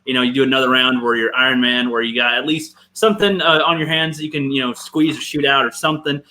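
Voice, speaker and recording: A man's voice: mid-range voice, flat delivery, quick pace, bright, forceful tone, poor audio. A man speaking as a panelist in a casual online chat, rambling and laid-back with lots of fillers.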